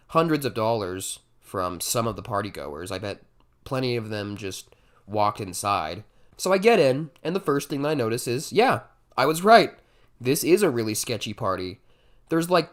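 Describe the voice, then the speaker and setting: A man in his twenties telling a comic story in a casual, swearing storytime style, jumping suddenly from muttered asides to loud bursts. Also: medium pitch. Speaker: comedy storyteller. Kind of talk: comedic storytime monologue.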